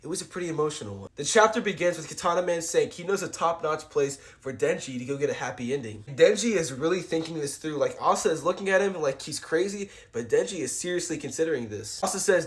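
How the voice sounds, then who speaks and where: A man's voice: on the high side, fast talker, hardly any pauses. A man casually summarizing a comic chapter, often saying "like" and "guys". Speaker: manga recap creator.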